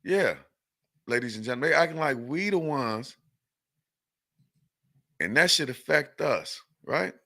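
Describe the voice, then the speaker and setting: A man's voice: mid-range voice, animated, a little slow, pauses often, sharp tone. A man hosting a news podcast, rambling and profane, tacking "man" onto nearly every sentence. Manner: acts out an angry exchange in a raised voice. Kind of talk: loose profane news commentary.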